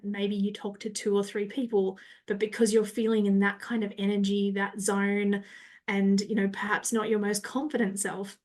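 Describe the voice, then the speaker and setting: A woman's voice: mid-range voice, little pitch movement, moderate pace. A woman marketing coach, a guest on a podcast, who explains her ideas in a casual coaching tone and often checks in with "right?".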